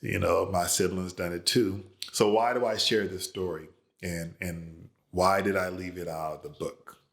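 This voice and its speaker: A man with a very deep voice tells a family anecdote in a relaxed, conversational way. He speaks as an author sharing a story left out of his book, with everyday fillers and easy pauses. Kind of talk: casual personal storytelling.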